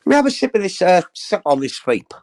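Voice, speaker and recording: A man's voice: high-pitched, big pitch swings, fast talker, a little mellow. A man hosting a casual livestream, talking straight to his chat in a sweary, effusive, rambling way. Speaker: livestream host.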